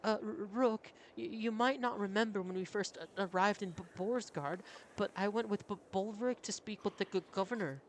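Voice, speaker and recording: A jittery, stammering advisor , as a man puts him on, tripping over the starts of words. The voice sits high and anxious, with a light hiss behind it. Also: normal speed, hardly any pauses. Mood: nervous. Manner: stuttering, hesitant. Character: nervous, stammering male advisor.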